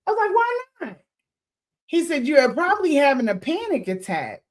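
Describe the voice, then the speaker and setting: A woman spins a story for her listeners. Her voice sits a bit high, and she talks loosely and animatedly, swearing here and there and acting out what everyone said. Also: fast talker. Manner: animated, swears freely, laughs, acts out quotes. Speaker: podcast host.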